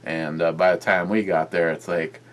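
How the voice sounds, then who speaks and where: A man's voice: low-pitched, flat delivery, moderate pace, a bit bright. A man chatting loosely in a home beer-review vlog, rambling with many fillers and restarts. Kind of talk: rambling casual vlog chat.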